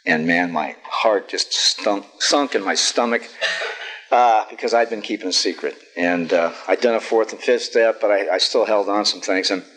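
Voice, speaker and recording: A man's voice: on the low side, normal speed, a bit bright, low-quality recording. Candid middle-aged man sharing his story. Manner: plain-spoken and candid, with frequent fillers and self-deprecating humor. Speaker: recovery meeting speaker. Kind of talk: personal sharing talk.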